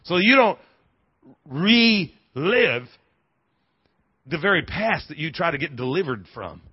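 A fairly high, husky male voice preaching with big swings in pitch. He jokes and riffs, repeating words as he builds each point. The sermon recording is dry and a bit dull. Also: no echo. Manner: animated, humorous preaching with quick asides and repeated words. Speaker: pastor.

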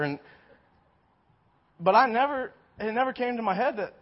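Young male preacher, casual storytelling, high voice, muffled lo-fi sound. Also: moderate pace, pauses often. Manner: animated, storytelling, many restarts. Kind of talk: casual sermon with personal story. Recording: dull lo-fi recording.

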